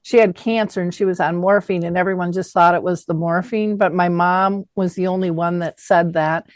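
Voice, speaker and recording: A woman hosting an interview, telling family stories in an animated way and acting out the quoted voices. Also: lowish voice, normal speed, no echo. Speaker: host. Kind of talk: conversational interview.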